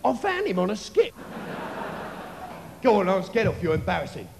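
A vain, self-adoring man, played by a male comedian, purrs smugly about himself. The voice sits high and swoops widely. It rings out in a reverberant comedy club with faint room noise behind. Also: huge pitch swings, creaky, full character voice. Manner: smug, self-satisfied, drawn-out yeses. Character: vain, preening man boasting of his looks. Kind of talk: live stand-up character comedy. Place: comedy club stage, live audience. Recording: reverberant live venue, faint ambience.

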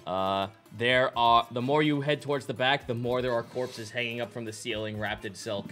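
A man narrates a tabletop game as game master. His voice is bright and forward, his talk loose and full of fillers. Faint music plays underneath. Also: medium pitch, steady tone, normal speed.

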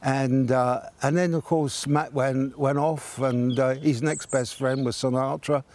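An older man, a guest telling an anecdote, speaks at medium pitch with fairly even intonation, unhurried and a little mellow. In chatty, casual storytelling he recounts a funny tale, laughing as he goes and acting out the voices of the people in it.

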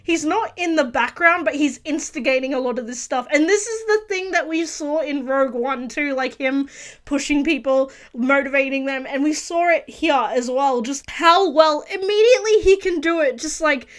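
A woman's voice: high-pitched, normal speed. A woman hosting a casual video reaction review, talking earnestly and gushingly with many restarts and fillers. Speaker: reaction channel host.

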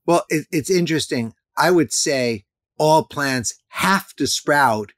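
A man's voice: a little high, lively intonation, slow, a bit bright, no room sound. A man in his fifties, a guest in an interview, talking earnestly and emphatically, repeating his key points. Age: 50s. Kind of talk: interview conversation.

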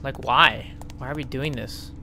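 A let's play commentator giving casual gaming commentary, sarcastic and swearing freely while yelling at the game characters. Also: mid-range voice, a little slow, creaky, a little hiss or hum.

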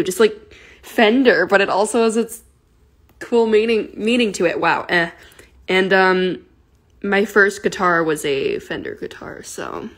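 A woman's voice: medium pitch, a bit bright. A young woman chatting casually on a phone livestream, giggling and cooing baby talk at her cat. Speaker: livestream host.

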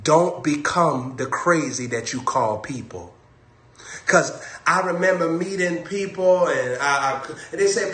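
A man's voice: on the high side, a little slow, a bit bright, echoey room. A man preaching a sermon on a livestream, emphatic and repetitive, hammering his key phrases over and over.

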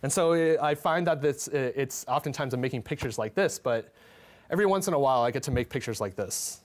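A young man presenting his photographs in a talk, speaking in a halting, heartfelt way with many restarts and fillers. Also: medium pitch. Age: young adult.

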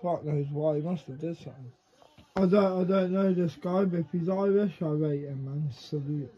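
A man giving casual, excitable reaction commentary to the screen, swearing freely. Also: on the high side, moderate pace, husky, muffled recording. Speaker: reaction video creator.

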